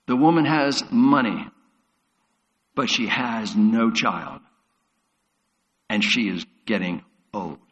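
A man's voice: lowish voice, takes it slowly, pauses often, a bit bright, highs cut off. A man preaching a sermon as a pastor, retelling Bible stories vividly. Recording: long hall reverb.

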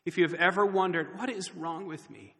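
A man preaches to his congregation with a bright, somewhat high voice, leaning on words and slowing down for emphasis. The sound carries a long reverb from a large church hall. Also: steady tone. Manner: earnest preaching with dramatic pauses and emphasis. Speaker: pastor. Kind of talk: sermon.

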